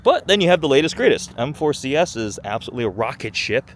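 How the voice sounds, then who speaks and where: A Michigan man reviews a sports car in a casual vlog, chatty and enthusiastic, his excited exclamations rising. He has a mid-range voice and talks fast, and the outdoor recording is noisy.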